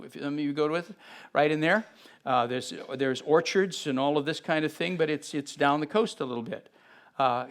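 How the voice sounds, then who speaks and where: A middle-aged man teaching from the Bible, reading aloud and breaking off to explain, with sudden shifts in loudness. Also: a little high, creaky. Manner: animated, acts out scenes with sudden shifts in loudness.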